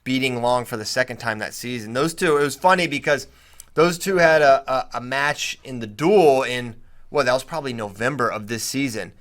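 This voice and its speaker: A man co-hosting a casual sports podcast, talking in quick bursts and getting emphatic when he makes a point. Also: medium pitch. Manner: animated, rising emphatically when making a point. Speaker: podcast co-host.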